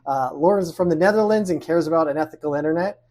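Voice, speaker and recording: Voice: medium pitch, fast, a little mellow. A show host running an interview, reading a scripted welcome and then asking loose, chatty questions. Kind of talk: podcast interview hosting.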